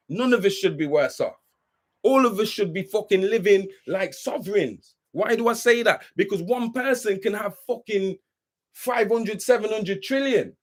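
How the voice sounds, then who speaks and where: On a live stream, a high-pitched man talking at normal speed rants with heat and profanity, sounding preachy. He describes himself as worked up and keeps asking if you understand him.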